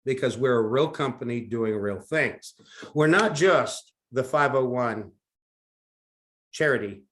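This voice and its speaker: A man presenting his company on a live call, speaking earnestly and persuasively to the audience. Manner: earnest, persuasive pitch with ladies-and-gentlemen address.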